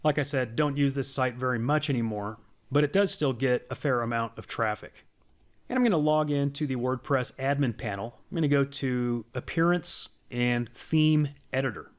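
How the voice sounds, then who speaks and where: Casual man walking through a software demo. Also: mid-range voice, moderate pace. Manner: casual, explanatory, with fillers. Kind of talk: screen-share product walkthrough.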